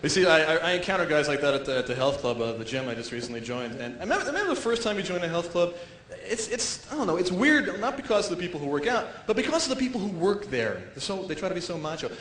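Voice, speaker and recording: A male comedian performs a stand-up set, his voice high, lively and bright. He jumps into silly character voices along the way. The sound is echoey, with faint noise behind it. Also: fast. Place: comedy stage before a live audience.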